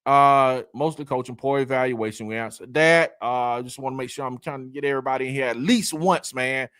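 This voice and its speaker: Here a man with a clear, resonant mid-range voice hosts a casual sports livestream, going through viewer comments fairly quickly. He's lively and laughing, dropping Southern slang like "y'all" and "man," captured dry at studio quality.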